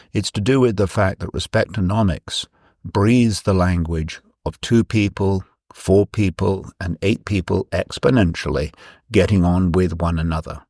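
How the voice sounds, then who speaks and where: A man giving a reflective talk, measured and explanatory, repeating key phrases for emphasis. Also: low voice, darkish tone, breathy edge, no room sound, studio quality. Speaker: speaker presenting his ideas.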